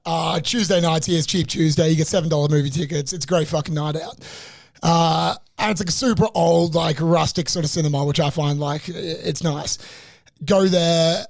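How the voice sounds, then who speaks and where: High-voiced, gravelly, profane young man. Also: moderate pace, dry recording, studio quality. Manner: animated, profane ranting storyteller. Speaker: podcast co-host. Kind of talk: casual storytelling chat.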